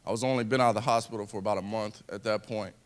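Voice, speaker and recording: Smooth-voiced man telling his story. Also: lowish voice, steady tone. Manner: earnest, halting, with restarts. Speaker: wounded veteran speaker. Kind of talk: personal speech to an audience.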